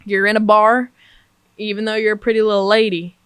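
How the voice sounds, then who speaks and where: A woman's voice: medium pitch, a little fast, clean tone, no room sound. A young woman from the New York suburbs with a New York accent, telling stories in casual chat, full of "like" and swearing freely. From New York suburbs, USA. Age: young adult. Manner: animated storytelling, heavy "like", swears freely. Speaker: guest.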